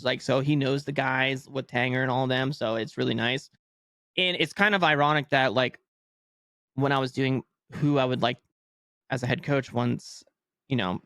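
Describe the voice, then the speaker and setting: A young man hosting a casual solo sports podcast, rambling and excitable, laughing often and a bit sleepy. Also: mid-range voice, dry recording. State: yawning, sleepy. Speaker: podcast host.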